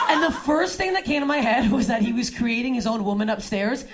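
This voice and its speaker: A young woman doing stand-up comedy, telling crude stories and throwing quick asides to the audience. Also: on the high side, expressive, heavy background noise. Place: comedy club stage before a laughing crowd. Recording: live club with audience laughter.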